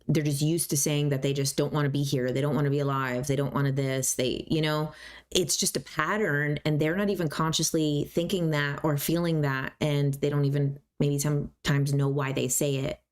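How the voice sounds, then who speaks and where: Woman host with a low voice, chatty self-help talk full of fillers. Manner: casual and conversational, many fillers.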